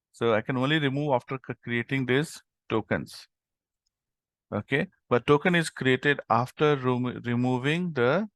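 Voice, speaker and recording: A man teaching a coding lesson, thinking aloud as he types and filling pauses with okay and um. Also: medium pitch, no echo, clean studio sound. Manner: thinks aloud while typing, many fillers like okay and um. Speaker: programming tutor. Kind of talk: screen-recorded coding lesson.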